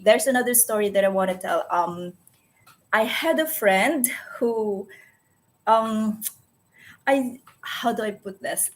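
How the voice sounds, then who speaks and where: Woman, Filipino accent, unhurried delivery, hesitant and self-correcting, casual to-camera vlog. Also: medium pitch. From Philippines. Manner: hesitant, searching for words with many restarts. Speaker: vlogger.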